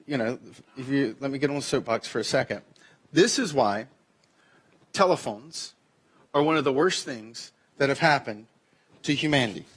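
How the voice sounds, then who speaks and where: A man in his thirties preaching a sermon in a conversational way, acting out the quoted lines with sudden jumps in pitch. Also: a bit bright. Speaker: pastor. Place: church sanctuary.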